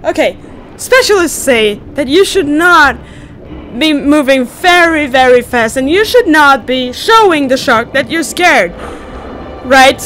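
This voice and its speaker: A young woman hosting a gaming channel plays a VR game in let's play commentary, screaming, swearing and laughing nervously. Her high voice has lively intonation and a slightly bright tone, moving a little slowly, with slight background noise.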